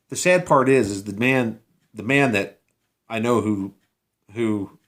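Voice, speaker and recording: Low-voiced man rambling through a story. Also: a little slow, long pauses. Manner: rambling, many fillers and restarts, incredulous. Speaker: vlogger telling a personal story. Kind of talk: casual storytelling to camera. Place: outdoors.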